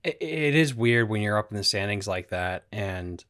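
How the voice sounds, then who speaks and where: A man's voice: fairly low pitch, expressive, moderate pace, a bit bright. A man hosting a podcast, asking enthusiastic follow-up questions in a casual chat. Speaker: podcast host.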